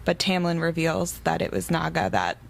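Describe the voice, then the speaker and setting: A woman co-hosting a casual book-club podcast, animated and exasperated, quick to laugh. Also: deep voice, creaky, slight background noise. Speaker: podcast co-host.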